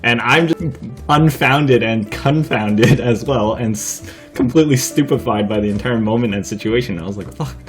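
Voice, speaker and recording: A young man chats straight to camera in a mid-pitched voice, spinning a rambling anecdote. He keeps breaking into laughter and swears freely. His delivery is loose and packed with fillers. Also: moderate pace, soft background music. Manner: laughs often while talking, swears freely. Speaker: vlogger. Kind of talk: casual storytelling vlog.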